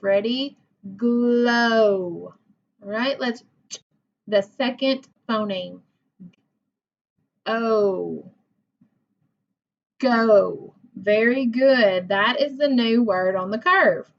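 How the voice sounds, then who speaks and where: A slow-talking woman with a fairly high voice teaches phonics to young children. She sounds out each syllable patiently and praises answers warmly. The recording is dull and lo-fi. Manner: patient, encouraging, sounds words out.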